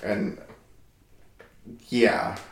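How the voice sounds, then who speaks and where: A man co-hosting a casual podcast chat with a dry, joking manner. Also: very slow. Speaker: podcast co-host. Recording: echoey room.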